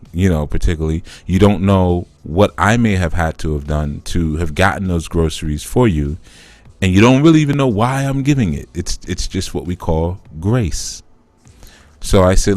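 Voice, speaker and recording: Deep-voiced man teaching through stories. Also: a little mellow, no room sound. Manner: conversational storytelling, acts out parables. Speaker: spiritual teacher and host. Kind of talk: live spiritual teaching talk.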